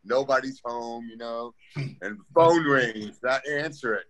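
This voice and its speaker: Guy guest telling an animated story, does little voices for people, mid pitch. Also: a little slow, low-quality recording. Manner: lively, acts out quoted voices.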